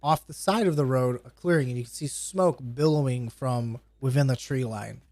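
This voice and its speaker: A man's voice: medium pitch, moderate pace, a little mellow, no room sound. A man running a tabletop game, patiently explaining rules and narrating scenes with loose fillers. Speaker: game master.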